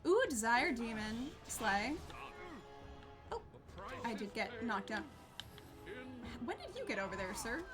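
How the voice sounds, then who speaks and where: A woman's voice: on the high side, expressive, measured pace, long pauses, music in the background. A woman streaming a game, chatting casually with viewers, bubbly and laughing often. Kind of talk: casual gameplay chat with viewers.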